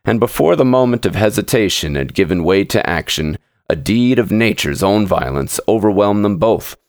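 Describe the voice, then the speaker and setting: A man hosting a story podcast, reading a classic short story aloud in measured, steady narration. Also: low voice, no room sound, studio quality. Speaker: podcast host and story reader.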